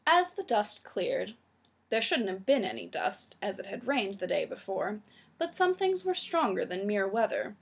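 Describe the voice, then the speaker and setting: A woman narrating a story with a lively, expressive reading. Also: medium pitch, moderate pace, vocal fry, slightly rough.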